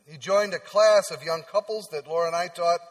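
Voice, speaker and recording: A man with a fairly high voice delivers a sermon from the pulpit. He preaches in a chatty, storytelling way and often drops into soft, hushed tones. His voice rings out with the long reverb of a large church hall. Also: brisk. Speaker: pastor. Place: church sanctuary.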